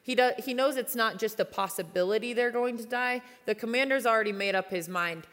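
A woman's voice: fairly high pitch, a little fast, fairly bright tone. A young woman youth pastor giving an earnest, conversational sermon with personal stories. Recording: long reverb of a large hall.

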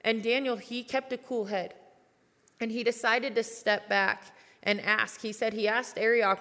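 A woman's voice: fairly high pitch, steady tone, measured pace, bright, forceful tone. Young woman preaching in a reverberant hall. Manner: earnest, conversational preaching. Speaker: youth pastor. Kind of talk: sermon with personal stories. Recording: long reverb of a large hall.

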